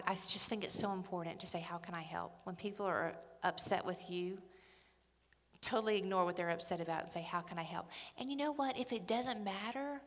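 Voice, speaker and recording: A woman's voice: medium pitch, a bit bright. A middle-aged woman speaking at a church ladies' day, chatty, humorous and emphatic. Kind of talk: church talk. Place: church hall. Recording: echoey hall with long reverb.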